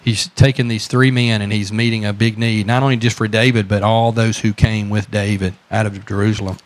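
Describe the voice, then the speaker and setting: A man's voice: on the low side, flat delivery, a little fast. A man with a Southern American accent preaching a sermon as pastor, repeating phrases and asking the congregation questions.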